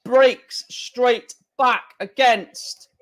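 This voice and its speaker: A man giving casual live reaction commentary on a darts match, chatty and excitable, with hiccups. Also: very high voice, extremely slow. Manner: excitable, chatty, sings along with crowd chants.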